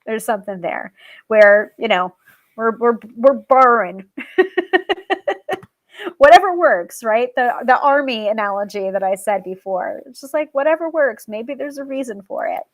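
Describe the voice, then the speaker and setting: A woman's voice: fairly high pitch, animated, moderate pace. A woman hosting a tarot show, talking casually about working with a goddess and reading tips from a list, with frequent ums, restarts and self-amused asides. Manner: chatty, many ums and restarts, laughs at herself.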